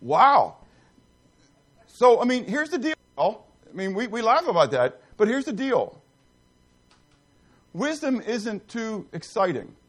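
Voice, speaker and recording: A man preaching in church in an easygoing, talkative way, throwing questions to his listeners and wandering into asides before finding his thread again. His voice sits high and swings widely in pitch. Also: very animated, slow pace, long pauses. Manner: conversational, asks the congregation questions, many asides and restarts. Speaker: pastor. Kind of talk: sermon.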